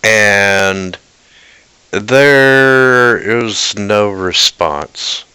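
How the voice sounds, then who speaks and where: A man narrating as game master of a tabletop game, unhurried and hesitant, with many pauses and fillers. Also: fairly low pitch, sharp tone, smooth, no echo.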